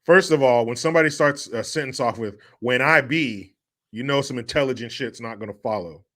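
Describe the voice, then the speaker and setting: A man's voice: mid-range voice, fast, fairly bright tone. Joking man hosting a livestream. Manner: loose and joking, reads chat aloud. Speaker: livestream host. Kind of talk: casual livestream commentary.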